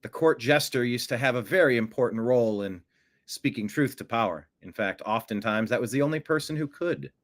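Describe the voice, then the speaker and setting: A man hosting a political commentary show, animated and sarcastic, who often mocks others by putting on high voices. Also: brisk. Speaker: host.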